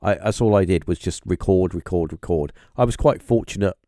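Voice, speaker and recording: A man hosting a podcast interview, talking in a halting, musing way with lots of fillers and restarts. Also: low voice, warm tone, no echo, clean studio sound. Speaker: podcast host. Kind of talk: casual interview chat.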